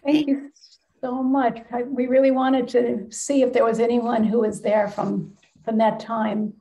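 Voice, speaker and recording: A woman's voice: a little high, level tone, measured pace, creaky, dark tone, poor audio. A woman helping moderate an online memorial over a video call, politely inviting others to speak. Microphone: video call microphone.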